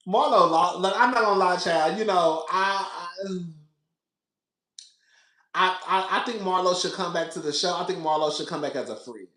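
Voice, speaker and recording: A man's voice: sits high, expressive, moderate pace, a bit bright. Sassy laughing man in an echoey room. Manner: sassy, laughs a lot, repeats himself, calls listeners "girl". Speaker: podcast host. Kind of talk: casual reality TV commentary.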